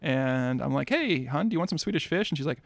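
A man with a gravelly, somewhat high voice chats on a podcast, spinning a long absurd tale with a straight face. The sound is dry and close. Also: fast talker, dry recording. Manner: rambling absurd tall tale, deadpan. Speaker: podcast co-host. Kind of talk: casual comedic storytelling.

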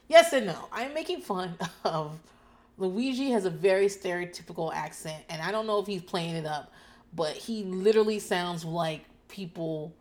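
A woman recapping reality TV in casual chat, sardonic and profane, laughing often. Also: mid-range voice. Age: adult parent. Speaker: podcast host.

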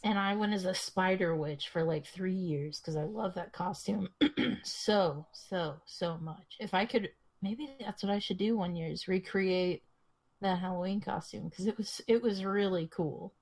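A young woman co-hosts a podcast, rambling through stories in casual chat, swearing freely and laughing often. Her voice is lowish and darkish in tone, and she speaks a little slowly.

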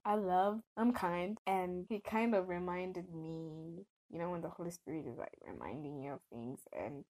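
A young adult woman giving a casual faith-based talk to her viewers, telling her story with animated, expressive delivery. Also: fairly low pitch, normal speed, few pauses, poor audio.

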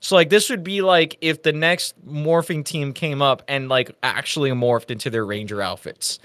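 A young man co-hosting a casual review chat, lively and acting out quotes in a raised voice. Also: on the high side, moderate pace, clear, resonant tone, no echo, studio quality. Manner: animated, acts out quotes in raised voice. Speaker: podcast co-host.

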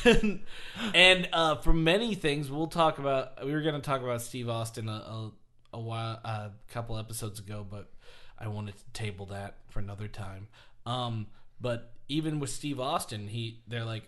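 A man co-hosting a casual wrestling podcast, telling stories with frequent laughter and squeaky acted-out quotes. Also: normal speed, bright, forceful tone. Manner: laughs a lot, acts out quotes in a high squeaky voice. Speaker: podcast co-host. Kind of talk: casual chat.

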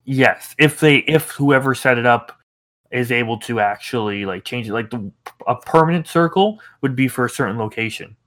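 A man's voice: mid-range voice, a bit bright. Man hesitantly narrating a tabletop game. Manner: halting, many fillers. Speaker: game master.

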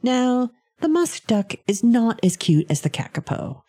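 A woman's voice: on the high side, big pitch swings, a little slow, warm tone. A woman hosting a casual science chat, talking in a chatty, meandering way with frequent ums and small laughs.

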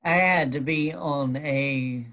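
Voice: mid-range voice, takes it slowly, a bit bright. A guest telling a personal story in a casual, wry and matter-of-fact way.

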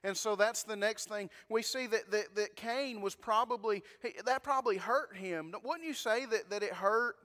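A male pastor preaches in a clear, high voice, speaking to the congregation with folksy rhetorical questions and frequent restarts. His voice rings out with a long reverb from the church sanctuary. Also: normal speed, few pauses, bright, forceful tone. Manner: conversational preaching, repeats words, rhetorical questions. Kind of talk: sermon.

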